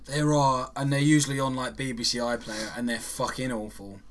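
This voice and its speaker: A man, co-hosting a casual comedy chat with quick, sweary banter. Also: mid-range voice, flat delivery. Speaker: podcast co-host.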